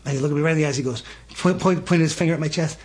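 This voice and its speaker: A middle-aged man telling a personal story in a casual conversation, earnest and emphatic, getting animated when he quotes people. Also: fairly high pitch, very fast, breathy edge.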